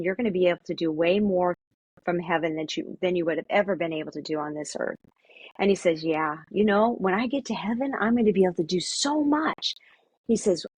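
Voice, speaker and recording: This middle-aged woman has a fairly low, darkish, husky voice, recorded without echo. A mother and an interview guest, she shares stories casually and earnestly, halting and restarting many times.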